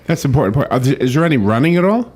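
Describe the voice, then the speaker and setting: A man hosting a radio talk show, hoarse and losing his voice from a cold, chatting and asking quick questions. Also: medium pitch, big pitch swings, darkish tone. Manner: chatty, asks short follow-up questions. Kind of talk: casual radio chat.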